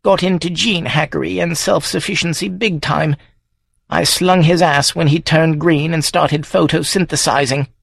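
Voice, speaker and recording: Male reader doing a wily old country woman over seventy, voice raised high, clipped sly talk, dry sound. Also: fairly even intonation, normal speed, vocal fry, breathy edge, dry recording, exaggerated voice. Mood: shrewd. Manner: sly, clipped rural speech, fond of swearing. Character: wily old woman smallholder, shrewd and blunt.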